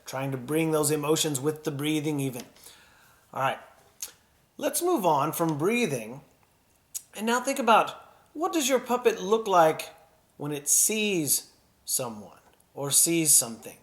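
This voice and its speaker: A man teaching a children's puppetry lesson in a gentle, encouraging way, breathing and sighing aloud to show each emotion. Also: on the high side, lively intonation, a little slow, long pauses.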